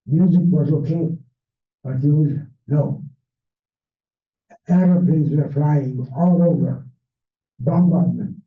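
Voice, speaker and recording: An older man with a Hungarian accent tells his story at an unhurried, measured pace, his English carrying the turns of a native Hungarian speaker. His voice sits a touch high for a man. It comes from a distance in a reverberant room, thin and narrow like a phone line. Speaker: Holocaust survivor speaker. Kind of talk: personal testimony talk. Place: library event room.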